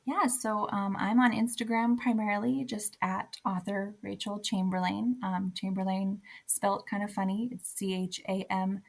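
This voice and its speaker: A woman's voice: medium pitch, little pitch movement, normal speed, vocal fry, few pauses. A young adult woman speaking as an author guest on a podcast. She talks in an earnest, reflective way. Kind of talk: casual podcast interview.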